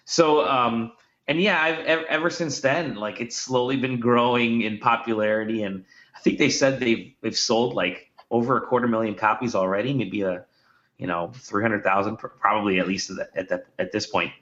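A man's voice: medium pitch, normal speed, a bit bright. A man hosting a podcast, chatting casually about video games, rambling with restarts and filler words. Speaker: podcast host. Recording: roomy, dull lo-fi sound.

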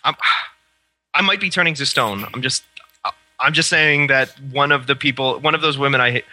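A man's voice: medium pitch, normal speed, bright, forceful tone, faint music behind. A man from North Dakota co-hosting a gaming podcast over an online call, teasing and mocking himself. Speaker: podcast co-host. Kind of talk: casual gaming podcast chat.

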